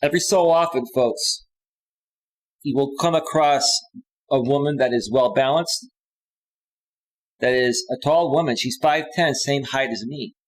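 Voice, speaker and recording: Animated man, dating coach monologue. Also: medium pitch, unhurried, long pauses, rough recording. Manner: animated storytelling, reads messages aloud in a raised voice. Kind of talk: live stream monologue.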